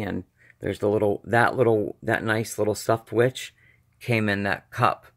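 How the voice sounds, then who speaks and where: A man with a somewhat low voice rambles through a casual show-and-tell, trailing off and restarting his sentences. He speaks slowly, with a slight lisp and a slightly slurred edge to his words. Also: fairly bright tone. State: slurred speech. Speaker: vlogger.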